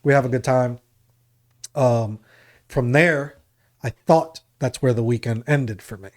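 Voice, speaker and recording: A man's voice: mid-range voice, measured pace. A man from New Jersey, co-hosting a podcast and telling a long, rambling story in casual chat. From New Jersey, USA. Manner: rambling storyteller, acts out other people's lines. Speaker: podcast co-host.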